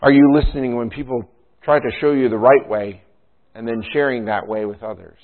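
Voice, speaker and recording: A man's voice: medium pitch, fairly even intonation, a little fast. A man preaching a sermon and tossing in rhetorical questions and a frequent "right?". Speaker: pastor. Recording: tinny phone-like sound.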